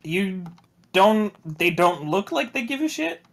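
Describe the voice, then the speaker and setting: Lively halting male game master. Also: high voice, vocal fry. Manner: halting, full of fillers and restarts. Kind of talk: narrating a tabletop game.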